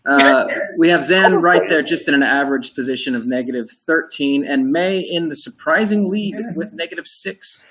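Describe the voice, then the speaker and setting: Wry male scorekeeper, higher voice. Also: normal speed, few pauses, fairly bright tone, poor audio. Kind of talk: casual chat.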